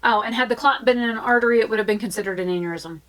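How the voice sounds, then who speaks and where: Chatty woman vlogging, a bit high. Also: racing, fairly bright tone, low-quality recording. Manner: chatty, frank, with fillers and restarts. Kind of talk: candid casual talk to camera.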